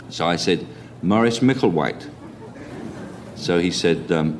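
An older man with a softened Cockney London accent, telling anecdotes in a chatty, repetitive interview style. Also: sits low, animated, fairly quick, slight background noise. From East End of London. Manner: chatty storyteller, chuckles, repeats himself. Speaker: interviewee actor.

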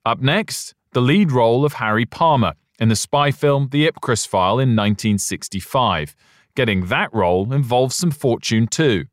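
A man giving scripted documentary narration in a measured, even storytelling delivery. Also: mid-range voice, no room sound, clean studio sound. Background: music bed.

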